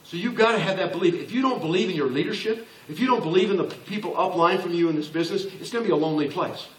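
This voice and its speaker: Rapid-fire delivery and a high-sitting voice mark this man in his sixties. He gives a joking, straight-talking motivational business speech to an audience in a large hall, acting out the voices he quotes, heard with heavy echo from a distant mic.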